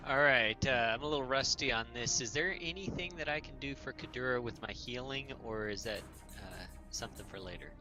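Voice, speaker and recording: A man taking his turn in an online tabletop game speaks in an unhurried, slightly hesitant way at an ordinary male pitch. Music is clearly audible behind his voice. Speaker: player. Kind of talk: casual chat at a game table.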